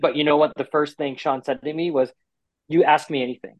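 A man giving an interview about a TV series he works on, talking with lively restarts and acted-out quotes. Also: a little high, no echo, poor audio. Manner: animated, quick restarts and quoted asides.

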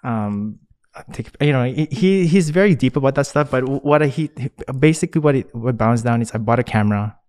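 A young man talking as a podcast guest in relaxed, rambling casual chat, often saying "man" and laughing. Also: mid-range voice, a little fast, hardly any pauses, clean tone, no echo, clean studio sound.

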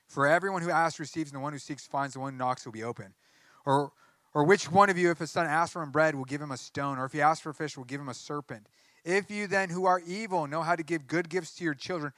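A young man teaching scripture to a class in a relaxed, conversational sermon style. His voice sits a little high and sounds dry and close. He grows earnest and pleading when he prays. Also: dry recording. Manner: casual, earnest, rises to fervent pleading in prayer.

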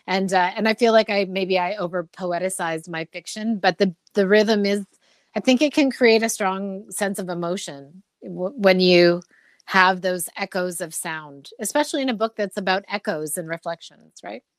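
Brief: middle-aged woman author, rhythmic and expressive delivery, close dry sound. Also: mid-range voice, no echo. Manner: rhythmic, measured reading; animated, expressive talk. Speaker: poet and novelist, guest author. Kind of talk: literary reading, then interview talk.

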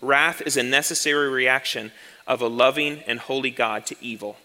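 A male pastor giving an earnest sermon, slowing down and repeating key lines for emphasis. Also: medium pitch, fairly even intonation, bright, forceful tone, big-room sound.

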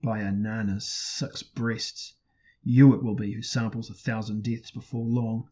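Man doing a cruel sorcerer prince, husky, loud and threatening, audiobook villain. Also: on the low side, steady tone, measured pace. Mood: menacing.

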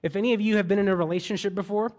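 Higher-voiced man preaching a sermon. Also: racing. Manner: relaxed storytelling with repeated rhetorical questions.

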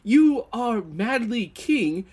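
An improv performer playing a fussy chief royal advisor who is flustered, hesitant and pushy. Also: male voice, very high voice, very animated, drawn-out words, a little mellow, slightly rough, heavily acted. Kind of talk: improvised comedy role-play.

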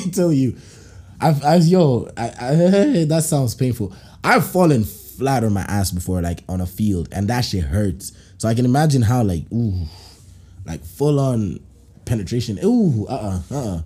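Male podcast host from Kenya, husky and animated, slow and slangy, laughing through listener stories. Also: medium pitch. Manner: animated, laughs often, acts out reactions; slangy banter. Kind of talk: casual chat, reading listener stories aloud.

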